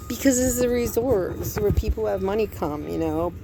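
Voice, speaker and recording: A woman's voice: medium pitch, expressive, brisk, creaky, music in the background. A woman vlogging from a parked vehicle in a resort parking area, overwhelmed and anxious, rambling and jumping from topic to topic. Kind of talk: candid personal vlog.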